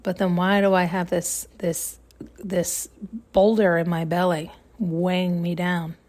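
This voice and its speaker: A woman's voice: fairly low pitch, flat delivery, a little slow, a little mellow. A woman hosting a podcast, thinking aloud in a rambling, searching monologue, restarting her sentences and close to tears at times. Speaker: podcast host. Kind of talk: intuitive musing monologue.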